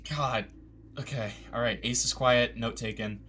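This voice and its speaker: A male host in casual commentary chat, stammering and exasperated as he works through his points. His voice is bright and forceful. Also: mid-range voice, steady tone, measured pace, a little hiss or hum.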